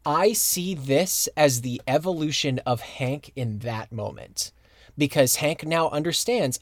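A man's voice: mid-range voice, unhurried, no echo. A man co-hosting a podcast, earnestly laying out a counterargument in casual chat. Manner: earnest, argues his point at length. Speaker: podcast co-host.

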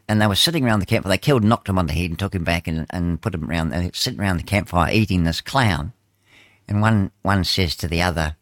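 A New man chats as a radio co-host in a very deep voice. He tells stories in a meandering way, full of restarts. The sound is dry and close. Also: fairly bright tone, dry recording. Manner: meandering storyteller, halting starts. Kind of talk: casual radio banter.

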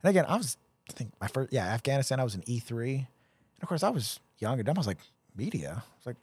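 A man's voice: medium pitch, sing-song, fast talker, darkish tone, husky, no echo. A man co-hosting a podcast, casually recalling his army days in a rambling way. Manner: rambling, self-correcting recollection. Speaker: podcast co-host, veteran. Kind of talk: casual chat.

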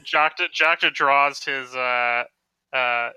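A man playing a tabletop role-playing game, describing his character's moves with hesitations and stumbles. His voice is very bright and clear, recorded dry. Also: medium pitch, fairly even intonation, takes it slowly, no room sound, poor audio. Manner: hesitant, stumbling over words. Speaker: player.

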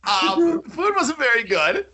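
A man's voice: very high-pitched, slow pace, background noise. A man chatting casually, laughing often as he tells stories. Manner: laughs often, animated storytelling. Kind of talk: casual chat.

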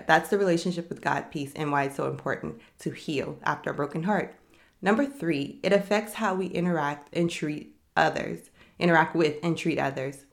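On her faith-based podcast, the young adult host shares her own experience in an honest, reflective way. She has a deep voice marked by vocal fry.

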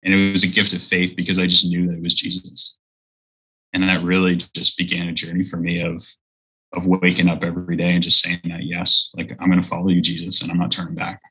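In an interview, a guest in his thirties earnestly relates his personal faith story, bringing quoted voices to life. His delivery is deep, monotone, and brisk, bright and forceful with a breathy edge, on poor audio.

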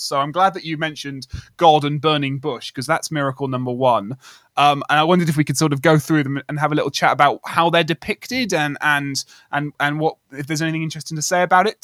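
A man's voice: fairly high pitch, fairly bright tone, no room sound, studio quality. A man hosting a casual academic discussion, talking in a rambling way with many restarts. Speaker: podcast host.

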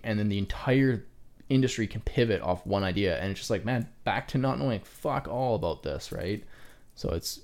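A man's voice: on the low side, a little mellow. A young man co-hosting a podcast, chatting casually and rambling with lots of fillers and casual swearing. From Canada. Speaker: podcast co-host. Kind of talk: casual chat.

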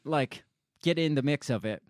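A man's voice: fairly high pitch, normal speed, no room sound, clean studio sound. A man from the United States co-hosting a casual political talk show, reading news articles aloud and mocking the officials he quotes. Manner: conversational, sarcastic, mocks quoted officials in put-on voices. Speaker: podcast co-host.

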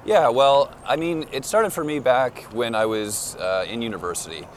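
A man from Eastern Canada, a guest explaining in a relaxed way during a walking interview on a city street. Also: mid-range voice, normal speed. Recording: faint traffic noise outdoors.

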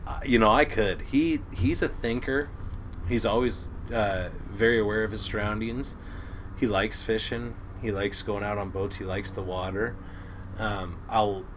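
A middle-aged man, a crab boat captain, telling stories in a casual, animated way and acting out quotes. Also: fairly low pitch, background noise. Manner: animated storyteller who acts out quotes and laughs. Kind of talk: casual storytelling chat.

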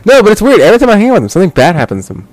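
A man's voice: sits high, wildly swooping pitch, rapid-fire, darkish tone, no echo. A man co-hosting a podcast in casual chat, rambling and joking with frequent swearing. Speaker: podcast co-host.

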